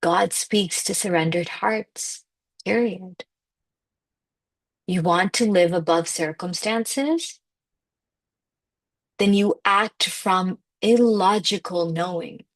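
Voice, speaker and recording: A woman's voice: on the low side, takes it slowly, pauses often. A woman coaching listeners through a motivational spiritual talk, emphatic and conversational, often saying "like". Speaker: manifestation coach.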